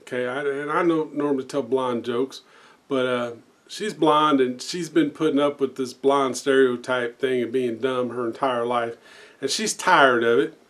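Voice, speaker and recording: A man tells a long joke in a loose, casual way. He keeps circling back with "uh" and "and, and" as he goes. His voice sits at an ordinary middle pitch. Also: steady tone, moderate pace. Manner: rambling with many fillers and restarts. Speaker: joke teller.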